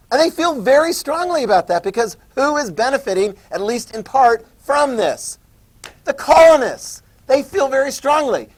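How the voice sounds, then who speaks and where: A man teaching a history class in a conversational lecture style, repeating key points and checking that students follow. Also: high-pitched. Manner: conversational, repetitive, checks understanding.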